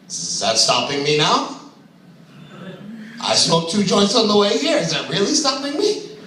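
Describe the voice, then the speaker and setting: A man's voice: high-pitched, sing-song, moderate pace, long pauses, pushed and bright, slight background noise. A man doing open mic stand-up, crude and brash, laughing at his own jokes. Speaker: stand-up comedian. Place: comedy club stage. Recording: echoey room from far off.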